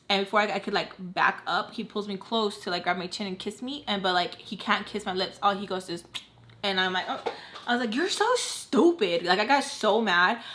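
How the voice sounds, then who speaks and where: A young woman telling a personal story in a casual, animated storytime chat, packed with "like" and acting out what people said. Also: mid-range voice. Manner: chatty, animated, heavy filler "like", acts out quoted voices. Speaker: storytime vlogger.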